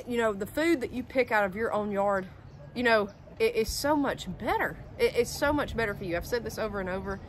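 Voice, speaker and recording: A woman's voice: medium pitch, fairly bright tone, a little hiss or hum. A woman, talking outdoors in a casual homestead vlog and repeating words for emphasis. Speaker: homestead vlogger. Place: outdoors by a garden with chickens. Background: chickens and roosters.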